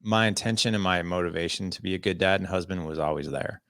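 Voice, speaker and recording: A podcast guest with a very deep, gravelly, fry-laden voice tells a personal story fast, in earnest, animated bursts during a candid interview. He acts out old conversations with frequent "I was like" quotes, and the sound is dry, close, and echo-free.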